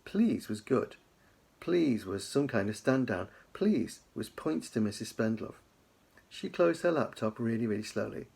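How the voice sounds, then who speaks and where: A man, an author, reads his children's book aloud in an easygoing storytelling manner, dropping in casual asides. His voice has a gravelly, husky texture. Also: mid-range voice, big pitch swings, a little slow, darkish tone. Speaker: author leading a writing lesson.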